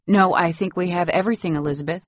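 A woman's voice: on the low side, fast, dry recording, lightly acted. A woman voicing a cool, guarded wealthy wife with overly polite manners, in an audiobook.

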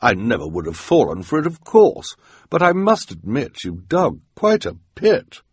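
A man's voice: medium pitch, wildly swooping pitch, normal speed, slightly rough, no echo, pitched above the performer's own voice. A man voicing a haughty, sneering villainous woman with a mocking, nasty tone.

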